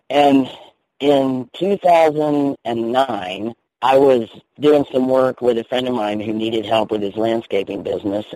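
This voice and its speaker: Mellow-voiced Southern man telling his story. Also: medium pitch, dry recording, poor audio. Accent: Southern US, North Carolina. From North Carolina. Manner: chatty, candid, laughs easily. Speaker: guest minister. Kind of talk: storytelling in a radio interview.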